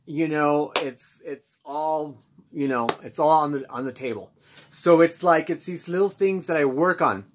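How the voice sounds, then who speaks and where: A man speaking candidly as host of his own self-help channel, reflective and halting with many pauses and restarts. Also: on the high side, background noise. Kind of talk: candid personal monologue.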